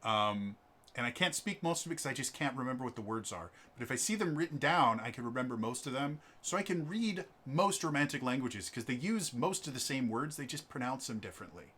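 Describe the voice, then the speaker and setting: A man from Wisconsin running a tabletop game, chatting casually with animated, joking asides. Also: mid-range voice, brisk, breathy edge. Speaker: game master. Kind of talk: casual chat.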